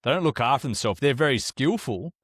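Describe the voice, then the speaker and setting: A man's voice: medium pitch, animated, brisk, a bit bright, dry recording, studio quality. An Australian man co-hosting a podcast, telling stories in laid-back casual chat and swearing casually. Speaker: podcast co-host.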